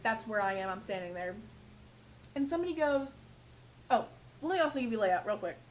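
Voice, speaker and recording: A woman's voice: a little high, sing-song, a little fast, slight background noise, rough recording. A young woman who works in retail, ranting casually and with swearing about customers, often mimicking them. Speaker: retail worker. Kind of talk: casual vlog rant.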